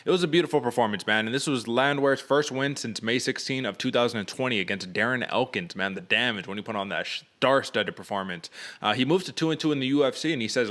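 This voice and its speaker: Podcast co-host, young man, low-set bright voice, slangy and energetic. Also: fast talker. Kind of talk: casual fight recap chat.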